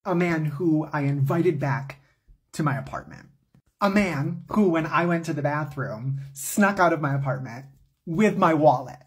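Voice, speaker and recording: A man's voice: a little high, animated, a little slow, slightly rough. A man in his thirties telling a story in a sassy, profane, theatrical way. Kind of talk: casual storytime vlog.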